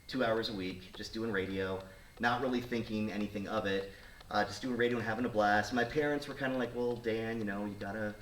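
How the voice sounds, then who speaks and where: A radio talk show host in his thirties, with a voice on the low side, casually tells a story to a studio audience and animatedly acts out the voices of the people in it. The recording sounds roomy, with a distant mic and faint noise.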